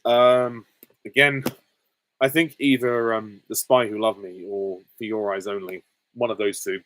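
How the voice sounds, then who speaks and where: Casting: male streamer, lowish voice, casual candid Q&A, dry close mic. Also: fairly even intonation, unhurried, fairly bright tone, no echo, low-quality recording. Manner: chatty, reads questions aloud then answers candidly. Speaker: host of a live Q&A stream. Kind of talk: casual chat answering viewer questions.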